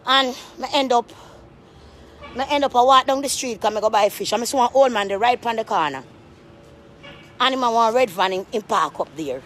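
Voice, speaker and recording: A woman with a high-pitched voice tells a rambling story as a vlogger. She talks emphatically, repeats herself and drifts into preachy asides. Faint noise sits behind her outdoors. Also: brisk, pauses often, fairly bright tone.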